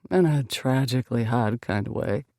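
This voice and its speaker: Woman narrator putting on a teasing male best friend: a bit lower, slow and playful, with a gravelly edge, audiobook. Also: mellow, no echo, studio quality, close to an everyday voice.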